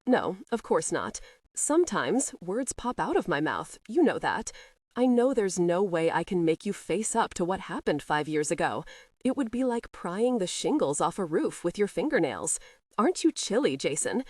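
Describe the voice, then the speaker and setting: A woman's voice: fairly low pitch, sing-song, normal speed, a little mellow, no echo. A woman voicing a spirited young wife who teases and mocks her husband in a playful, lilting way. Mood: teasing. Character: spirited teasing young wife, sharp-tongued heiress.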